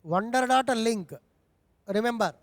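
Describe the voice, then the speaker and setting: A man's voice: extremely high pitch, measured pace, dry recording, big-room sound. A man with an Indian English accent teaching a coding tutorial step by step, repeating phrases and asking himself questions as he goes. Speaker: programming tutor. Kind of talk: screen-recorded coding tutorial.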